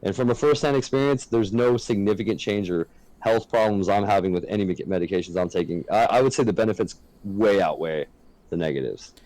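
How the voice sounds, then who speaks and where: On a laid-back podcast, this co-host comes across as earnest and blunt, cursing without restraint. He speaks briskly in a slightly low, somewhat mellow voice. The audio sits close to the mic and dry, free of any echo.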